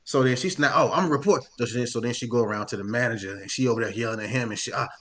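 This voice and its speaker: Quick bright-voiced guy, telling a wild story on a podcast, swearing a lot, doing all the voices. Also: medium pitch. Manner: animated storyteller, heavy profanity, acts out voices. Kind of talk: casual storytelling chat.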